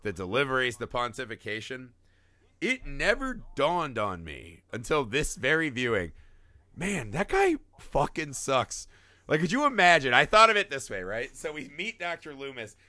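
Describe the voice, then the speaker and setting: A man in casual chat, an animated, profane storyteller who often laughs. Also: medium pitch, moderate pace, no echo.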